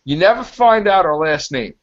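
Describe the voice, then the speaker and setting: A man with a slightly raised voice rambles through a casual podcast chat, animated and full of acted-out quotes. The sound is dull and lo-fi. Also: fairly high pitch, moderate pace. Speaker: podcast co-host.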